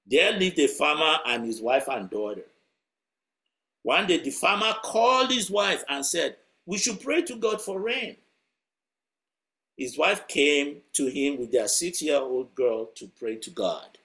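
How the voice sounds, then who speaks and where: A man's voice: medium pitch, expressive, unhurried, sharp tone. Man telling a story in a sermon. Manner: conversational, chuckling as he tells the story.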